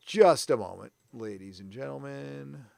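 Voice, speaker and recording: A man's voice: medium pitch, unhurried, creaky, darkish tone, no echo. A man from San Diego hosting a live stream, chatting casually in a rambling, self-deprecating way. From San Diego, California. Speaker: livestream host.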